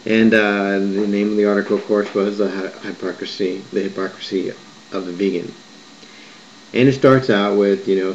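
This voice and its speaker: A man's voice: on the low side, steady tone, moderate pace, a little hiss or hum. A man recounting a vision in a rambling, digressive monologue, often restarting and correcting himself. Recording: muffled lo-fi recording with faint background ambience.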